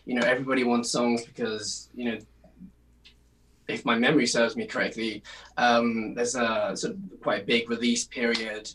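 A man's voice: medium pitch, flat delivery, moderate pace, a bit bright. A British man who writes songs, chatting as an interview guest with lots of fillers and easy laughs. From United Kingdom. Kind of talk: casual interview. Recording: distant mic, faint noise.

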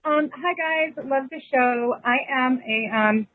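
A woman's voice: high voice, slow pace. A woman from Chicago leaving a hesitant, self-conscious voicemail question for a podcast. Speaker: caller. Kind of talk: voicemail message. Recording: husky phone-line voicemail.

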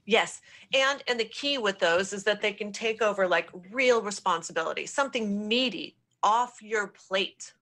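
A woman executive consultant answers questions in a business podcast interview, explaining things affirmingly with quick, repeated yeses. Her voice is medium-pitched, pushed and bright.

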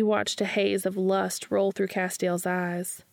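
A woman with a low voice and a gravelly, creaky texture narrates a fan fiction audiobook in a steady, unhurried way. The recording is dry and close, with no room sound. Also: no room sound.

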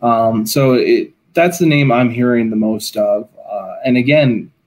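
A man co-hosting a casual sports podcast, speaking with lots of pauses and fillers. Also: mid-range voice. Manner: hesitant, many fillers. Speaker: podcast co-host.

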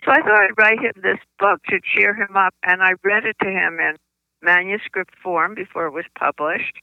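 An older woman, a children's book author, telling stories in an interview, with halting speech and frequent restarts, on slightly muffled lo-fi audio. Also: medium pitch, fairly even intonation, creaky, clear, resonant tone, no room sound. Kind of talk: conversational interview storytelling.

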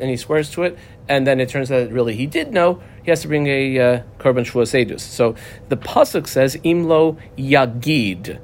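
A man leads a Talmud class, reading a line and then unpacking it plainly, pausing on fillers as he goes. His voice sits at an ordinary middle pitch. A faint rumble hums underneath the recording. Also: lively intonation. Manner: explains step by step, reading text then translating, with many fillers. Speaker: Talmud teacher. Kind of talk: page-by-page Talmud lesson.

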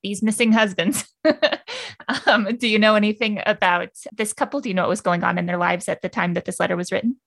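A woman's voice: medium pitch, a little fast, gravelly, fairly bright tone. Woman, podcast host, conversational questions, easy laughter. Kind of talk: interviewing guests.

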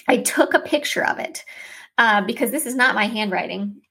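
A woman's voice: medium pitch, lively intonation, normal speed, gravelly, breathy edge. A middle-aged woman hosting a podcast, chatting casually and upbeat with fillers. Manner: warm shout-outs, upbeat and chatty with fillers. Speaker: podcast host.

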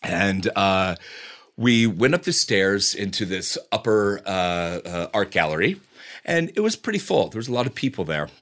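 A man with a lowish yet bright, forceful voice tells a personal story as an interview guest. He narrates with lively energy and often restarts his sentences. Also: normal speed.

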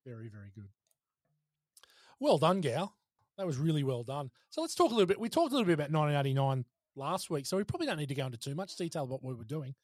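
A man's voice: fairly high pitch, big pitch swings, fast talker, no room sound. An Australian man in his forties, co-hosting a podcast in casual chat, blunt and joking, with lots of swearing. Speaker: podcast co-host.

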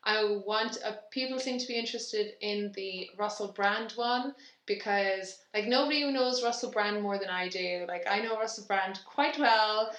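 A woman's voice: medium pitch, moderate pace, fairly bright tone. A woman co-hosting a podcast, chatting casually with lots of fillers and restarts. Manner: rambling, filler-heavy, restarts. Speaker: podcast co-host. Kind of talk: casual chat. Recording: echoey room.

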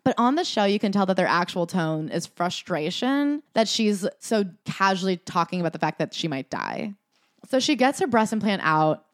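A woman co-host with a lowish voice gives skeptical, opinionated commentary on a story in a casual podcast chat. The recording is close and dry. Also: big pitch swings, moderate pace, no room sound. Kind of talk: casual chat recapping a book.

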